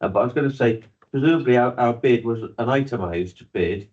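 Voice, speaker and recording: A man with a Welsh accent, a councillor asking measured questions about funding at a council meeting. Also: medium pitch, a little mellow. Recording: dull lo-fi meeting room recording.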